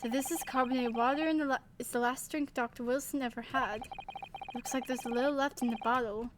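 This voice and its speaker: A woman's voice: high voice, steady tone, brisk, noisy background, close to an everyday voice. A woman voicing an earnest young male defense lawyer as she reads game dialogue aloud.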